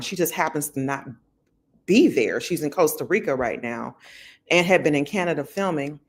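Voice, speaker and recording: A woman's voice: low voice, expressive, moderate pace. A woman talking casually to her viewers from home, chatty, with loose slang and lots of fillers. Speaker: vlogger. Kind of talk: casual talk to camera. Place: at home indoors.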